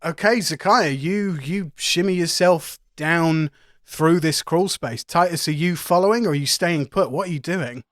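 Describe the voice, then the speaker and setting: A man running a tabletop game as game master, playful with the players and steady when reading lore aloud. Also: fairly high pitch, normal speed, dry recording, studio quality.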